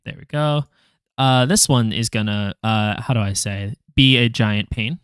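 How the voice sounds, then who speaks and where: A man working through a language lesson out loud, halting, correcting himself and making wry asides. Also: medium pitch, clean tone, no room sound, studio quality. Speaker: language learner vlogger. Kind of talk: thinking-aloud study session.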